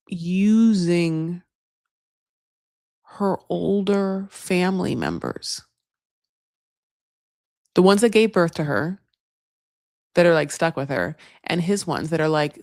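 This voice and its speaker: A woman recaps a reality show in a casual, chatty way. She is animated and sarcastic and swears freely. Her voice sits at a middle pitch, and the sound is dry and close. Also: no room sound. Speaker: host.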